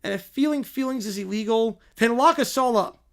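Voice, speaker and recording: A man's voice: very high-pitched, fairly quick, gravelly. A man playing a bumbling, endlessly apologetic defense lawyer in a comedy courtroom sketch, stammering and nervous. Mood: flustered.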